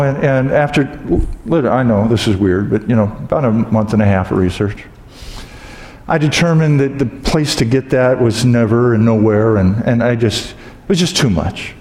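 A man preaching a sermon as pastor, telling stories with humor and acting out loud exclamations. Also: medium pitch, normal speed. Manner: humorous storytelling, acts out exclamations. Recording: echoey hall with long reverb.

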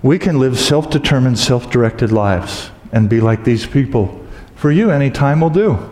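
A man preaching a sermon as pastor, telling stories with humor and acting out loud exclamations. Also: medium pitch, lively intonation, normal speed. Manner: humorous storytelling, acts out exclamations. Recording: echoey hall with long reverb.

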